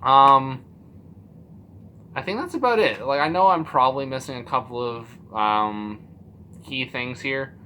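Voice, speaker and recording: A man giving a casual spoiler review of a TV series, animated and profane, acting out his own reactions with lots of fillers. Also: mid-range voice, unhurried, long pauses, a little hiss or hum. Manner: loose and profane, many fillers.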